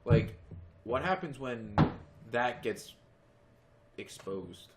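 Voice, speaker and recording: A man's voice: medium pitch, lively intonation, drawn-out words, heavy background noise. A young man co-hosting a casual podcast, rambling and joking while drinking a beer. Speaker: podcast co-host. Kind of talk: casual chat.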